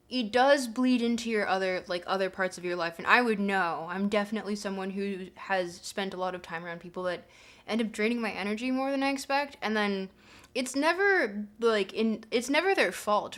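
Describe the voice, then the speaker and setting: A woman's voice: mid-range voice, fairly bright tone. A woman hosting a casual livestream, chatting to her viewers in a rambling way, with plenty of fillers as she thinks aloud. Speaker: livestream host.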